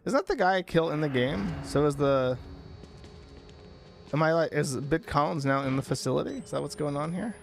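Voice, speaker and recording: A man's voice: fairly high pitch, normal speed, gravelly, faint music behind. A man giving rambling, joking let's-play commentary as he plays a horror game, swearing now and then. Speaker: gaming streamer.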